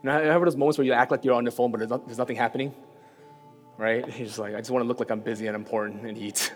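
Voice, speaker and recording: A man's voice: mid-range voice, fairly even intonation, racing. Guy from new york giving a chatty sermon, echoey hall, faint music. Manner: conversational, self-deprecating storytelling with frequent "right?". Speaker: preacher. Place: church hall. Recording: reverberant hall with soft music.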